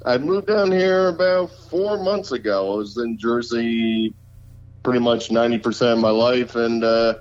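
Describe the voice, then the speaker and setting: A man's voice: mid-range voice, normal speed. Guy from pennsylvania cohosting a podcast, rambly, lots of uhs, kinda dull lo-fi sound. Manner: rambling, hesitant with many fillers. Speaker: podcast co-host. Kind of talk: casual chat. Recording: slightly dull lo-fi audio.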